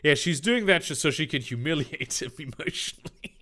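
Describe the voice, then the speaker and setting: A man's voice: on the high side, animated, fairly quick, bright, forceful tone. A man reading a fan fiction aloud in a comedic read-through, with sarcastic, mocking asides and frequent stumbles.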